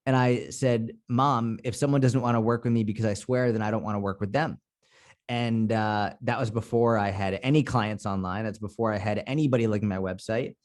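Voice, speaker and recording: A blunt man from Boston speaks in a fairly low voice. He talks candidly on a casual podcast and swears freely. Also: fairly even intonation, brisk, darkish tone. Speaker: podcast guest, fitness coach.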